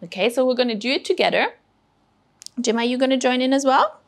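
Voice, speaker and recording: Gravelly-voiced woman teaching kids about food. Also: sits high, expressive, a little fast. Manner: encouraging, patient, explains step by step. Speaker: children's cooking show presenter.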